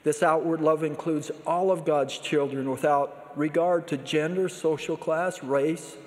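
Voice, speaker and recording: A man's voice: fairly high pitch, fairly even intonation. Earnest man preaching in a big hall. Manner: measured, earnest preaching delivery. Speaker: church leader giving a conference address. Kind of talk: sermon. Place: large conference hall. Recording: long reverb of a large hall.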